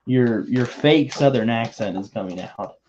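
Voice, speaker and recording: A man's voice: medium pitch, moderate pace, very noisy. A man hosting a livestream, chatting casually and teasing his co-host while building, with rambling talk and frequent restarts. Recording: muffled lo-fi stream audio.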